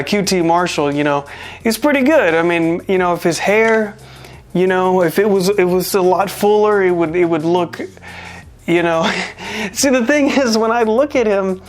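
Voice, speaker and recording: A wrestling show reviewer giving a casual, rambling spoken recap, full of wry, self-deprecating jokes and asides. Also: mid-range voice. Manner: rambling and chatty, with jokey asides.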